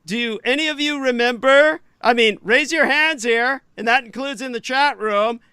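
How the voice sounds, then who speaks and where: A man with a high, bright, crisp voice hosts a casual podcast chat. He tells stories with animation and calls on his listeners with rhetorical questions. The sound is dry and close. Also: moderate pace, no echo. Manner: animated storyteller, asks the audience rhetorical questions. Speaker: podcast host.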